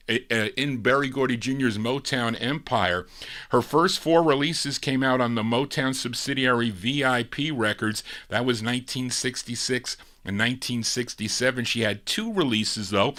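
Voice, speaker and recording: A man hosts a live record show with an oldies DJ's easygoing patter. His voice is bright and forward, and he talks in a loose, chatty way with small restarts. His pitch sits in the ordinary middle for a man. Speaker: radio show host and DJ.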